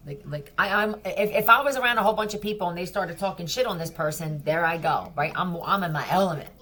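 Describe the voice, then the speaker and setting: A woman's voice: fairly low pitch, fast, a bit bright. A woman giving a casual tarot reading, blunt, profane and mocking. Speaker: tarot reader.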